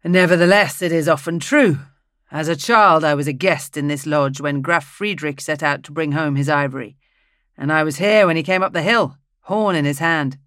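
A narrator voicing a grave, wry old northern man who speaks in a solemn, measured way. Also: medium pitch, a bit bright, dry recording, clean studio sound, natural voice.

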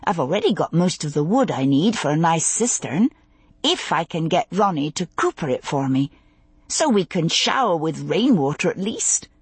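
A woman voicing a curious, practical young wife with a quick, animated way of talking. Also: sits low, slightly rough, no room sound, full character voice. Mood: frustrated.

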